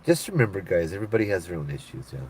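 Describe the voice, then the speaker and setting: A middle-aged man with a Hawaiian Pidgin-tinged accent, chatting casually on a live stream and telling stories, laid-back and animated when he quotes people. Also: low-pitched, very fast, slight background noise. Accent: Hawaiian Pidgin-tinged English. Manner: laid-back, animated when quoting others, laughs often. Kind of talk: casual live chat storytelling.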